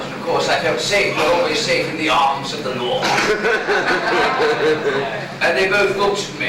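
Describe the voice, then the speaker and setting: A man telling a chatty comic story on a small club stage, recorded from across the room. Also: high voice. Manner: chatty, animated, voices people in his stories. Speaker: comic performer. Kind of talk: stand-up storytelling. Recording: far-off echoey live room recording, loud background noise.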